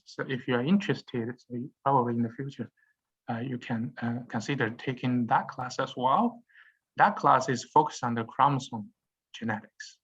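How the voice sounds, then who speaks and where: A male university lecturer explains course material in a halting way, pausing often on fillers and restarting his sentences. His voice sits at an ordinary middle pitch. The recording is dull and lo-fi. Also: fairly bright tone, husky. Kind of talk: classroom lecture.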